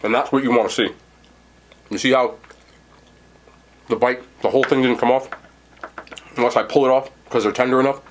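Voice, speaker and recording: A man's voice: mid-range voice, steady tone, fairly quick, long pauses. A young man reviewing food in a casual eating vlog, enthusiastic and talking while he chews. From New Jersey. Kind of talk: eating vlog with mouth full.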